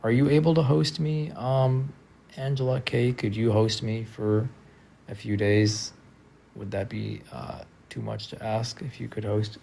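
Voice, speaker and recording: A tired man talking casually on a live stream from a friend's house, soft-spoken and trailing off with lots of fillers. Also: mid-range voice, steady tone, a little slow, creaky, a little hiss or hum. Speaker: livestreamer.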